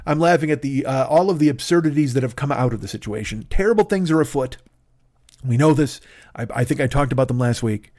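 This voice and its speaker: A man's voice: medium pitch, lively intonation, fast talker, darkish tone. A man hosting a solo comedy podcast from his desk, rambling and interrupting himself with sarcastic asides. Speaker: podcast host. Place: at a desk in a home studio. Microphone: studio microphone.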